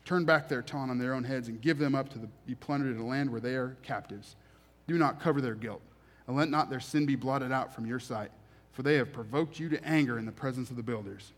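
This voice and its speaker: Male preacher, reads scripture then unpacks it plainly, repeats lines for emphasis; mid-pitched voice, long reverb of a hall. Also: fairly quick. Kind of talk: sermon with scripture reading.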